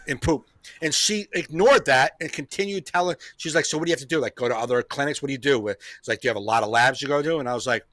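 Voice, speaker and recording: A man's voice: mid-range voice, expressive, fairly quick, bright, forceful tone, no room sound. A man hosting a comedy podcast, telling a rambling story in casual chat, repeating himself and laughing often.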